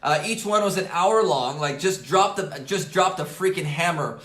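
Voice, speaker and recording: Man, motivational coach, slightly hoarse, emphatic, repeats himself, high voice, echoey office. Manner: energetic and emphatic, fills pauses with "right?" and "okay?"; repeats key phrases for emphasis. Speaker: network marketing coach. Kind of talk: motivational coaching talk to camera. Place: at his desk in an office. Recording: roomy echo.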